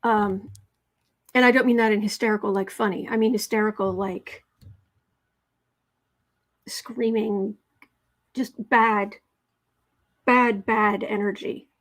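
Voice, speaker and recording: A woman's voice: mid-range voice, fairly even intonation, takes it slowly, pauses often. A woman hosting a live political tarot reading, chatting with her viewers and reading their comments aloud, with many fillers, restarts and emphatic repetitions. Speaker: tarot livestream host.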